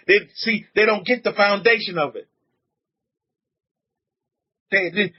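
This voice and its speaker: A man teaching as a rabbi in a casual, animated sermon, repeating himself and dropping in blessings. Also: high-pitched, slightly rough, muffled recording. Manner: animated, repetitive, punctuated with blessings. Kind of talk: informal outdoor sermon.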